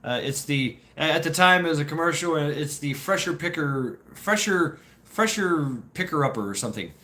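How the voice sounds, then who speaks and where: Bright-voiced man, halting live stream chat. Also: on the high side, lively intonation. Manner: halting, repeats words, laughs often. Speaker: streamer answering viewer questions.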